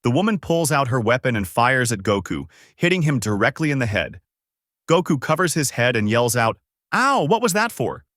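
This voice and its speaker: A man narrating a fan-made anime what-if story in an animated storytelling manner. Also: medium pitch, moderate pace, no echo, clean studio sound.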